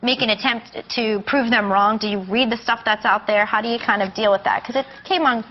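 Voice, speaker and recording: A woman's voice: a little high, fairly even intonation, a little fast, muffled recording. A woman hosting a television talk show, asking teasing, playful questions. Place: television studio with audience.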